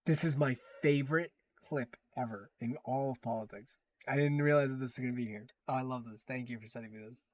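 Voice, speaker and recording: A man's voice: medium pitch, fast talker, no room sound. A man hosting a livestream, chatting casually as he reacts to clips with amused, rambling asides. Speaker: livestream host.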